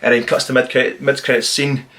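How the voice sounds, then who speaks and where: A man giving a casual, spoiler-filled film review, rambling and excitedly retelling the plot with plenty of swearing. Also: mid-range voice, quick pace, a little hiss or hum.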